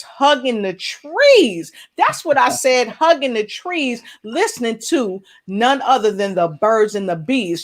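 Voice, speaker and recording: A woman hosting an online talk show, giving lively, playful introductions with little rhymes. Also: a little high.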